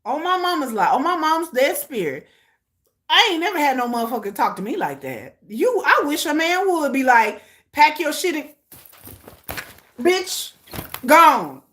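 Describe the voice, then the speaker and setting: Lively high-voiced blunt woman. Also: moderate pace. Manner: blunt, profane, emphatic; animated, repeats phrases for punch. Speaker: host of a live watch-along. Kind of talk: casual reaction commentary.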